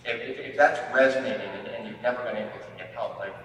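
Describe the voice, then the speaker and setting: A man's voice: medium pitch, a bit bright, far from the mic. Guy, therapist preaching to a crowd, keeps stumbling over words, big echoey hall with room noise. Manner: halting, repeats words, folksy asides. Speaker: marriage and family therapist speaking at a church event. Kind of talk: sermon-style talk to an audience. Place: church hall.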